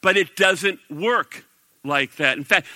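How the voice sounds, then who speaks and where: A man preaching a sermon as pastor, animated and acting out the voices of the people he quotes. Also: high-pitched, slow pace, dry recording, low-quality recording.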